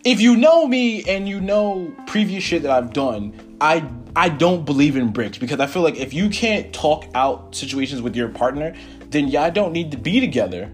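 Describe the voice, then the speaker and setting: A young man hosting his own podcast, telling a personal story in a rambling, animated, profane way with lots of fillers. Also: on the high side, moderate pace, faint music behind. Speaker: podcast host. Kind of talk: casual solo storytelling.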